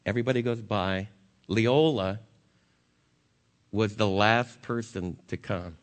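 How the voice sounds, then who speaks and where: A male pastor preaching a sermon and leading a closing prayer, earnest, rising to emphatic peaks and then dropping soft. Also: on the low side, slow pace.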